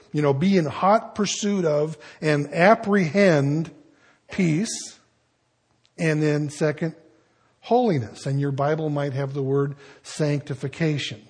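A middle-aged pastor preaching a sermon, husky, emphatic, slowing down and rising on key words. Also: male voice, a little high, darkish tone.

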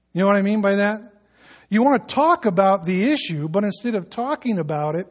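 A man's voice: high voice, a little mellow. A middle-aged male pastor giving a sermon in a loose, conversational way, full of asides, fillers and restarts. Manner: conversational, anecdotal preaching with many fillers and restarts.

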